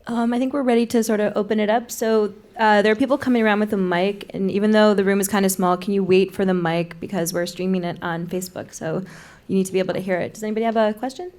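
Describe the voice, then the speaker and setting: A woman moderating a live event, giving brisk instructions to the audience away from the microphone. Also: mid-range voice, fairly even intonation, a little mellow.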